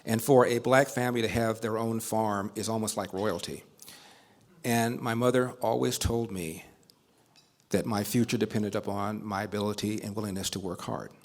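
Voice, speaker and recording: A man's voice: lowish voice, fairly even intonation, normal speed. An older man giving a storytelling speech at a banquet, building emphasis through repetition. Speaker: speaker at a banquet.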